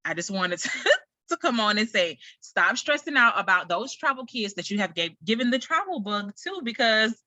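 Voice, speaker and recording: A US podcast host talks casually on her own show, rambling through a story in an animated, chatty way with lots of fillers. Her voice is on the high side at a normal speed, and the recording is dry.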